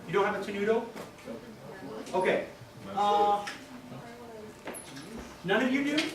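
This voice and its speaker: A man directing a high school band rehearsal, scatting rhythms on nonsense syllables and counting the players in. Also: slow, recorded from a distance, noisy background. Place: large band rehearsal room. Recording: echoey rehearsal room from afar with band music. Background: band playing.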